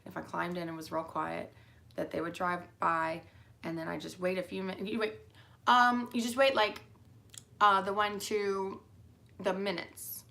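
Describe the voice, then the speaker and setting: Speaking straight to her daughter, a weary young woman wanders through a monologue packed with fillers and restarts mid-sentence. Her voice is on the low side and gravelly, pushed and bright, with a level tone at a moderate pace.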